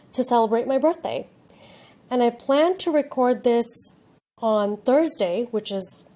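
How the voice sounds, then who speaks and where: A woman's voice: fairly high pitch, dark tone. A woman in her late thirties hosting her own podcast, talking in a casual, ranting way and swearing freely. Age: 30s. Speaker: podcast host. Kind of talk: casual chat.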